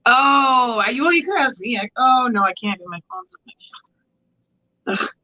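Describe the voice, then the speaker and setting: A woman's voice: a little high, lively intonation, moderate pace, pushed and bright, muffled recording. Tired woman on a phone mic. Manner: rambling, swears freely, full of "like". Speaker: livestream co-host. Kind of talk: casual late-night chat.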